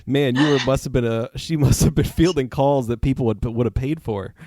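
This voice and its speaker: A man's voice: mid-range voice, a little fast, warm tone, no room sound. Male podcast host, casual, amused, dry close recording. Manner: amused, thinks aloud in fragments. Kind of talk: casual interview chat.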